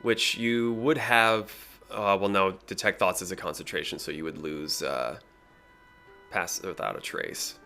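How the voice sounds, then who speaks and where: Low, bright-voiced game master. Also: male voice, unhurried, faint music behind. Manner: relaxed, with frequent fillers and throat clearing. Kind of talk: narrating a tabletop game.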